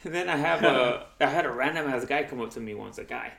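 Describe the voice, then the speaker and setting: A man's voice: medium pitch, fast talker, creaky, over a noisy crowd. A young man, telling stories in casual chat, acting out other people's voices and swearing freely. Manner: animated storyteller who acts out quoted voices; profane and slangy. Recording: roomy echo.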